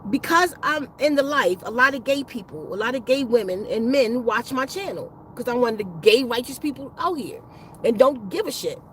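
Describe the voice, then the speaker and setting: A woman's voice: on the high side, lively intonation, normal speed, slight background noise, poor audio. A woman who hosts a spiritual healing channel, telling a rambling, profane story in a casual livestream chat. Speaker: spiritual healer and channel host.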